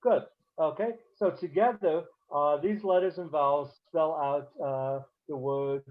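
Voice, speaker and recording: A man teaching a beginner class over a video call, talking haltingly with many fillers and restarts. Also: fairly high pitch. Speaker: Hebrew teacher. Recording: dull lo-fi call audio.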